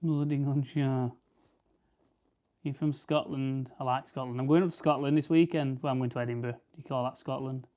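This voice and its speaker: Talking fast with hardly any pauses, this young South Yorkshire man has a medium-pitched, darkish voice and fairly even intonation. As a livestream host he plucks grouse and chats in a rambling way, reading viewer comments aloud and replying.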